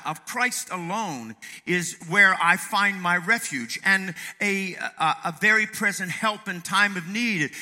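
A man preaching a sermon in church, halting with many fillers and restarts, then building into fervent preaching. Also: sits high, big-room sound. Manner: soft and reflective at the start, rising to fervent preaching. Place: church sanctuary.

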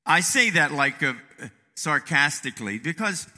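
Male preacher, fairly high and very bright voice, hesitant with lots of ums, church hall reverb. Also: very animated. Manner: halting, with many fillers and restarts; soft and reflective at the start, rising to fervent preaching. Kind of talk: sermon. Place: church sanctuary.

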